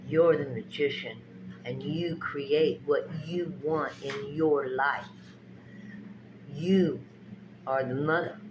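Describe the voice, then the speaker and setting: Her low-pitched voice comes through dull audio, with constant background noise underneath. She speaks slowly and at length in a spiritual pep talk with tarot readings, folksy and preachy, emphatically addressing viewers and repeating herself.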